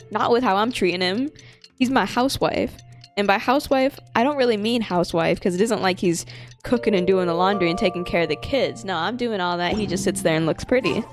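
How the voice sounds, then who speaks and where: A woman streamer giving casual, giggly gameplay commentary, playful and teasing. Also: medium pitch.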